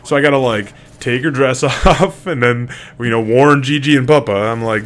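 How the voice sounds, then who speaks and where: A man's voice: medium pitch, moderate pace, few pauses. A man casually telling a rambling story to camera, full of fillers, restarts and swearing. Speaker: single father vlogger.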